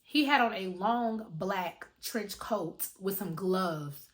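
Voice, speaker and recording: A young woman vlogger telling a story in a casual, animated and profane way, talking straight to her viewers. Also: medium pitch, slow pace.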